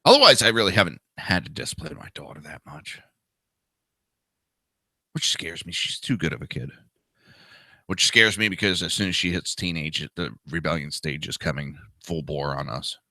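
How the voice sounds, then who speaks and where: A talk show host in his thirties delivers crude, profane, sarcastic ranting commentary at a normal pace, his pitch swinging widely and expressively. The tone is very bright and sharp, recorded on a dry close mic with no room sound.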